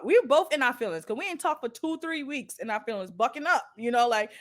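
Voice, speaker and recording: A woman with a slightly high voice co-hosts a casual podcast. She tells stories in an animated, blunt and profane way, laughing often. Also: fairly quick, few pauses. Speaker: podcast co-host. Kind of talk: casual chat.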